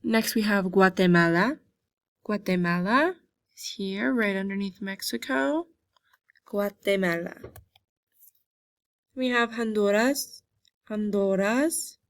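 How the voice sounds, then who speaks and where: A young woman walks her class through a map, saying each place name slowly and then saying it again. Her voice sits at an ordinary middle pitch. It is recorded close and dry, with no room sound. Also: creaky, no echo. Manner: slow, repeats each name for pronunciation. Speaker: Spanish teacher. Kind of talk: geography lesson over a map.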